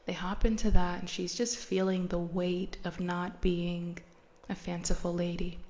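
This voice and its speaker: Woman, podcast host, chatty slangy storytelling, gravelly voice, laughs often. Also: fairly low pitch, little pitch movement, measured pace, darkish tone. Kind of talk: casual storytelling retelling.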